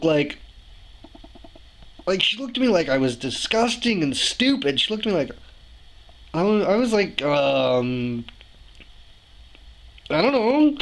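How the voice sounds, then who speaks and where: A man's voice: sits high, low-quality recording. Young man, ranting vlog. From Canada. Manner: animated, ranting, exasperated asides. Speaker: vlogger. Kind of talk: casual storytelling to camera. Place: indoors, room with a window. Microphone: camera mic, talking to camera.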